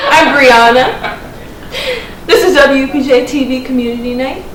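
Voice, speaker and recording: A young woman telling quick one-liners as a student comic and emcee, giggling through her own punchlines. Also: high-pitched, steady tone. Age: young adult. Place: student comedy night room. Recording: echoey room, mic far off, noisy.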